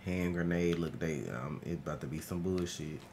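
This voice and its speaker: A man streaming a horror game, talking to himself in casual, profane, excitable commentary. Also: deep voice, normal speed, background noise. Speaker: gaming streamer.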